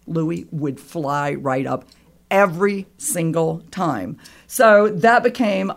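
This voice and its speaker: Telling a heartfelt personal story as a radio guest, a woman speaks at a moderate pace in a lowish voice. She is animated and performs the voices of the story's characters.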